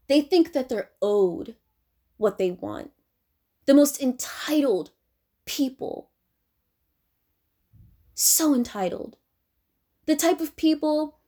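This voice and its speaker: A young woman with a high voice delivers a confrontational rant to the camera. She is blunt and swears freely, hammering her points home. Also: a little mellow.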